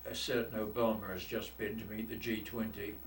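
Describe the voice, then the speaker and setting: A man's voice: on the low side, little pitch movement, fairly quick. A man in his eighties with a London accent, a war veteran telling blunt, salty stories in an oral history interview. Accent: London English. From London, England. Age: 80s. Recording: echoey room, distant mic, faint noise.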